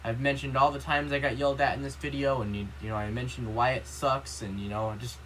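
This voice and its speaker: A man's voice: mid-range voice, fairly even intonation, brisk, a bit bright, slight background noise, rough recording. A young man vlogging an earnest, rambling rant, with constant "you know" and "like" fillers. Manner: earnest and upset. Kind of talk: casual rant to camera.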